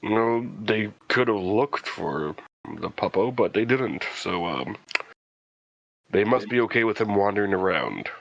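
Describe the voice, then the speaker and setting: A man's voice: fairly low pitch, lively intonation, measured pace, vocal fry, fairly bright tone, dry recording, muffled recording. A man speaking earnestly in character at a tabletop role-playing game. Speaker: player.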